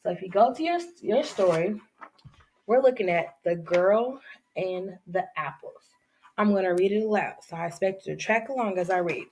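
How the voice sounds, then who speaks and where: A woman teacher walks children through fables, swinging her voice up and down as she acts out each character. Her tone has a gravelly, creaky edge, and her pitch sits in a middle range. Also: moderate pace. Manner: animated, acts out story characters with big pitch jumps. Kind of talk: storytelling lesson for children.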